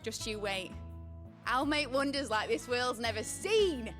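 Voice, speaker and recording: Eager young tinkerer, high and spirited, music playing. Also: female voice, animated, a little slow, fairly bright tone. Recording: game audio from far under music.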